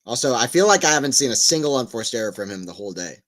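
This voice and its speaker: A man's voice: medium pitch, sing-song, racing, fairly bright tone. A man giving casual live play-by-play tennis commentary, chatting and rambling between rallies and lifting his voice on big points.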